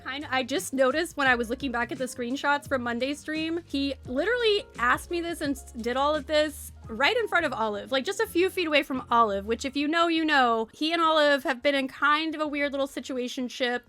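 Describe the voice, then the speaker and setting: A woman's voice: high-pitched, a little fast, hardly any pauses, pushed and bright, soft background music. A woman streamer chatting playfully through a cozy let's play, gossiping about her game villagers. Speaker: streamer and game channel host. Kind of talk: casual let's play commentary.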